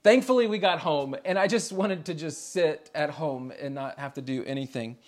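A pastor in his thirties preaches a sermon the way he would chat with friends, in a voice a little higher than most men's. He tells stories easily and slips small chuckles in between his phrases. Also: normal speed. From United States. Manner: chatty, storytelling, chuckles often between phrases. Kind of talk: casual conversational sermon.

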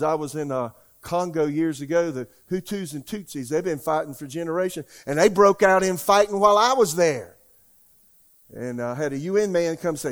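An older man, preaching a sermon in a folksy, emphatic way and asking the congregation questions. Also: fairly high pitch. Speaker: pastor.

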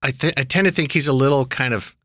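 A man's voice: mid-range voice, fast, fairly bright tone, no room sound, studio quality. A man hosting a casual talk show about TV, rambling with lots of fillers and wry asides. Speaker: podcast host reviewing TV shows. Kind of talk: casual chat.

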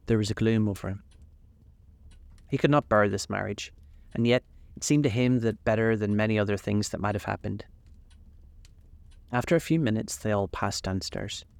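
A man narrating a classic novel as a calm bedtime audiobook reading, with a slow, measured manner. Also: on the low side, vocal fry, no echo.

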